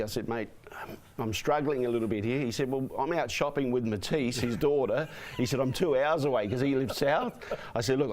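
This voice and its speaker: Give me a hoarse man, a race caller telling chatty stories as a guest. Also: medium pitch. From Australia. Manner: chatty, animated anecdotes with repeated "you know what I mean". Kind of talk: interview guest storytelling.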